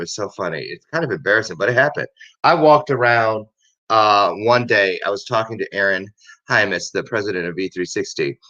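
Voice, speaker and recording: A man over 50, in his fifties, hosts a casual chat show monologue, rambling and joking with frequent laughs. His voice is on the low side, bright and forceful, with the highs cut off.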